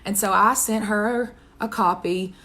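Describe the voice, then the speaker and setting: Her voice is medium in pitch, steady, unhurried, pushed and bright. Speaking as a devotional speaker, this woman relates a personal testimony in an earnest, chatty manner with big swings in tempo, then closes in prayer.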